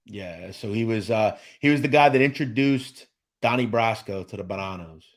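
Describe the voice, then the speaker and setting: A man's voice: lowish voice, normal speed. A man talking frankly and casually in an online chat, retelling stories and admitting his mistakes. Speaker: guest.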